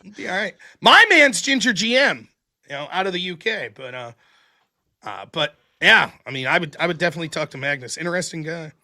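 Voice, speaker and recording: Chatty Pittsburgh-accented man, high and bright. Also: a little fast. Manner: rambling, profane, lively. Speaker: livestream host. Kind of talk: casual live-stream chat.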